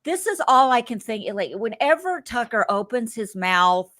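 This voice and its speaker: A woman's voice: a little high, big pitch swings, moderate pace, fairly bright tone. A woman co-hosting a casual reality TV recap podcast, talking animatedly, laughing often and acting out what people said. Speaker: podcast co-host.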